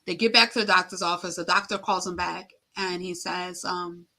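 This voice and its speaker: On an interview, a middle-aged woman haltingly relates an emotional personal story, using many fillers and acting out quotes. Her lowish voice is steady, bright and forceful, with vocal fry.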